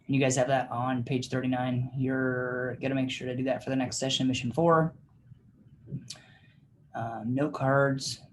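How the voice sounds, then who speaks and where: A mid-range male voice, heard over a video call with slight background noise, casually teaches a real estate training class. His talk rambles with plenty of fillers, and he laughs as he shares stories.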